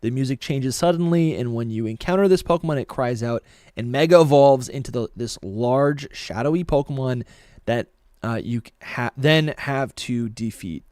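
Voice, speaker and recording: A man's voice: mid-range voice, normal speed, darkish tone, dry recording, studio quality. A man co-hosting a live podcast, reading out chat messages and rambling in a loose, self-correcting way.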